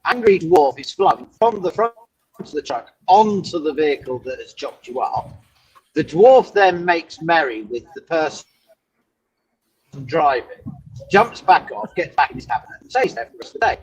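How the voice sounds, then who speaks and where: A man's voice: fairly high pitch, very animated, moderate pace, muffled recording. A truck driver chatting casually from his cab on the road, spinning absurd stories and laughing a lot. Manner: playful, spins long absurd stories with lots of laughing. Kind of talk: casual chat.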